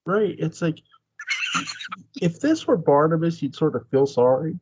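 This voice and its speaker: A man chatting casually as a podcast host, excitable and swearing freely, his voice jumping up high when he exclaims. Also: unhurried, muffled recording, background noise. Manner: swears freely, laughs often. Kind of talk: casual chat.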